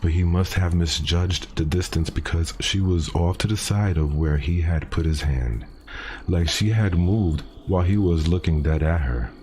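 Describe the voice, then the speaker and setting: A man hosting a podcast, reading a first-person horror story aloud in a casual, profane way with dramatic pauses. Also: sits low, a little mellow, a little hiss or hum.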